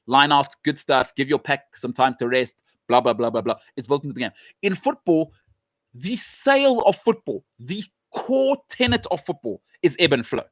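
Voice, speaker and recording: Guy ranting on his own show, kinda high voice, dry close sound, keeps restarting and asking questions back at you. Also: no echo. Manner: emphatic and animated, pitch jumping up when making a point; frequent restarts and rhetorical questions. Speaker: show host giving opinions. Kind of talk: opinionated casual monologue.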